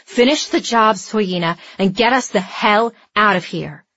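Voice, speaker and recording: A woman's voice: fairly high pitch, brisk, voice pushed up, natural voice. A woman voicing a fierce young fighter barking orders. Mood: urgent. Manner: growled, clipped orders. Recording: dry, slightly dull lo-fi recording.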